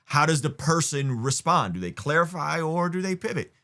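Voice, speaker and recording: A male host in casual commentary mode, his pitch moving a lot as he talks. He reacts to clips with an animated, mocking tone and slips into put-on voices to send up the people he is discussing. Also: normal speed. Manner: animated, mocking impressions of others.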